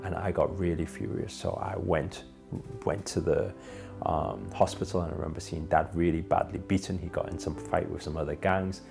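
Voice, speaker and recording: A man telling a personal story as a monologue, earnest, rising to emphatic peaks and then dropping low and soft. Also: steady tone, moderate pace, gravelly, over music.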